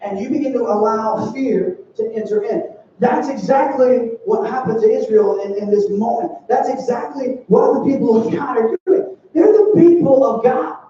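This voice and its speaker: Young man, youth sermon, animated storyteller, muffled lo-fi sound, faint rumble behind. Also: moderate pace. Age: young adult. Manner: animated storytelling with playful acted quotes. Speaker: youth speaker. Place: church sanctuary. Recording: dull, distant, roomy church sound.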